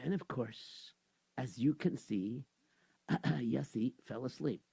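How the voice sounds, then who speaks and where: A male storyteller making low, chatty asides to his stage partner during a comic performance. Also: slow pace, gravelly, mellow, breathy edge, no echo.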